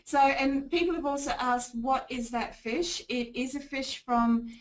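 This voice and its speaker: A woman with a New Zealand accent leads a webinar in a chatty, upbeat way. Her voice sits fairly high. She talks like a consulting trainer. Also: a little slow, low-quality recording. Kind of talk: webinar presentation.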